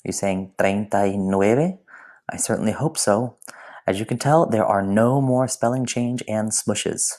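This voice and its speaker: A man's voice: on the low side, unhurried, few pauses, a little mellow. Playful man teaching a language lesson. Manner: playful, with whispered asides. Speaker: Spanish teacher.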